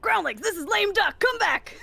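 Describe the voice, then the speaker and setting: A woman's voice: extremely high pitch, fairly quick, creaky, soft background music, exaggerated voice. A woman hamming up a frantic male pilot. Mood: frantic shouting. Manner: shouting, hammy over-the-top. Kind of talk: comedic table read.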